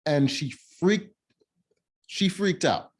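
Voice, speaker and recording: A man's voice: fairly high pitch, animated, slow pace, husky. A man giving casual, opinionated commentary while reviewing a reality show, blunt and mocking.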